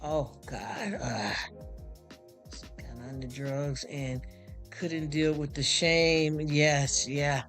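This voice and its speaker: Stream host, male, AAVE speech, emotional and sympathetic, higher-pitched voice, faint music underneath. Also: steady tone, drawn-out words. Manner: emotional, sympathetic, repeats himself with many restarts. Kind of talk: casual live stream chat. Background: soft background music.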